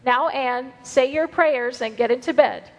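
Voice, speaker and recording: A woman's voice: high voice, a little slow. A woman reading the part of a stiff, proper older woman guardian, stern and a little flustered. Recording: long hall reverb.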